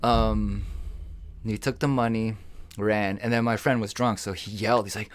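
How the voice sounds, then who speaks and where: A man co-hosting a casual podcast, telling a story in a lively, animated way, acting out what people said and swearing now and then. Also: on the low side, moderate pace. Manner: animated, acts out quoted voices, swears. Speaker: podcast co-host.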